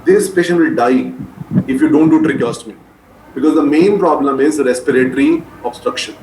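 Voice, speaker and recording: A man with an Indian English accent teaching medical students, dictating notes slowly and repeating each point, often calling them beta. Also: mid-range voice, darkish tone. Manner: repetitive, addresses listeners as beta. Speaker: medical lecturer. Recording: echoey room with faint noise.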